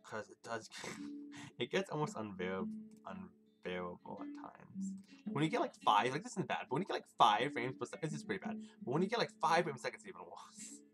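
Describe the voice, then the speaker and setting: A man with a medium-pitched, sing-song voice talks fast while streaming a game, rambling and cursing as he chats with viewers, game music playing behind him.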